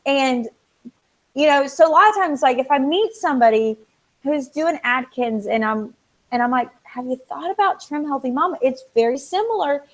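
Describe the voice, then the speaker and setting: A woman's voice: high voice, normal speed, low-quality recording. A woman co-hosting a casual chat, telling stories animatedly and acting out the people she quotes. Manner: animated storyteller, acts out quoted dialogue. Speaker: co-host.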